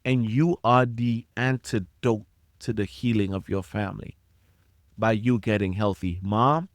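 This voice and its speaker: A man's voice: on the low side, fairly even intonation, unhurried, no room sound, studio quality. A middle-aged man hosting a solo podcast, delivering a passionate, preachy rant straight at his listeners and repeating his points for emphasis. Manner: passionate, preachy direct address, repeats himself. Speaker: podcast host.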